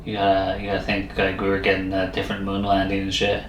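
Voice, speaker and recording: A man's voice: sits low, completely flat delivery, fast talker. A man co-hosting a casual review chat, chatty and retelling scenes. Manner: chatty, acts out scenes in quoted voices. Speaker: podcast co-host reviewing a show. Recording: echoey room with faint noise.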